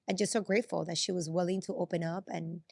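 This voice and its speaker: A woman's voice: lowish voice, steady tone, quick pace, vocal fry, no room sound, clean studio sound. A woman hosting a podcast, effusive and encouraging in casual chat. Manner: warm, effusive, thanking and encouraging. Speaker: podcast host.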